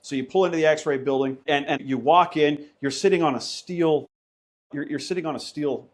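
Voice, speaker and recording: A middle-aged man, a trucker and podcaster, chatting as a guest, animated and often repeating words as he searches for them. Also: on the high side, moderate pace. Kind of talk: casual storytelling chat.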